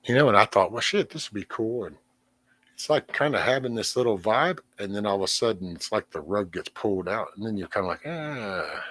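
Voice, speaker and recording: A middle-aged man livestreams from home, venting casually in a rambling way, cursing often and letting his sentences trail off. His voice is lowish and fairly bright, and he talks fast on a dry recording.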